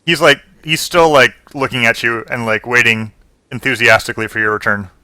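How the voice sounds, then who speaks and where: Man running a tabletop game, bright voice. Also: mid-range voice, fairly quick, clear, resonant tone, no echo. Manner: hesitant, with many fillers and restarts. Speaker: game master.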